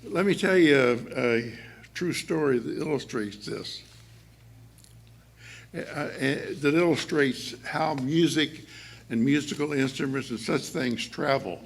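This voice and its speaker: Gravelly higher-pitched male preacher. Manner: chatty, halting with many fillers and restarts; laughs often while speaking. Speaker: church speaker. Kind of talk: sermon.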